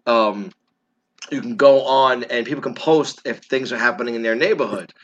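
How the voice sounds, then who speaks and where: A man's voice: medium pitch, moderate pace, highs cut off. A man co-hosting a casual chat, opinionated and profane, ranting about the news.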